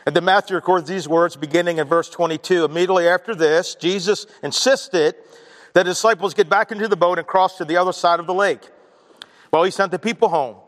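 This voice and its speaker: A man's voice: sits high, fairly even intonation, fast talker, a bit bright, long reverb tail. A man preaching a sermon to his congregation, mixing scripture reading with chatty asides, then leading a prayer. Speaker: pastor. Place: church sanctuary.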